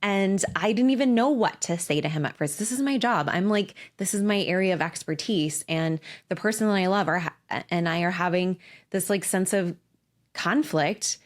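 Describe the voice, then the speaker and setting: A woman's voice: on the low side, normal speed. A woman in her forties hosting a casual solo podcast, candid and emphatic, swearing freely as she talks. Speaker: podcast host and coach.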